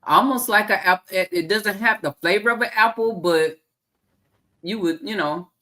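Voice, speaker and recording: A woman's voice: medium pitch, normal speed, pushed and bright. A woman talking casually as a guest about her garden, easygoing and savoring the food with "mm" sounds. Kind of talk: casual chat.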